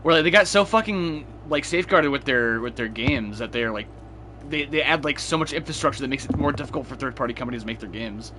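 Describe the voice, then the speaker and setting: A young man with a mid-range voice talks fast while gaming against a noisy background. He chats casually, swearing freely and laughing often through his profane stories.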